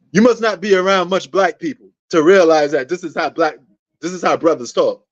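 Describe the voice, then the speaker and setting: New guy yelling about sports on a stream, high voice, kinda muffled lo-fi audio. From New York. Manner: loud, passionate, argumentative. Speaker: sports talk show host. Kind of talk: livestream sports debate answering chat.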